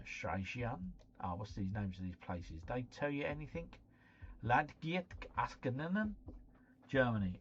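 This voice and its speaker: A man's voice: medium pitch, a little hiss or hum. A man thinking aloud on a live stream, muttering to himself and then breaking into exclamations. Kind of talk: live-stream commentary while playing a geography guessing game. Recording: slightly muffled, faint background music.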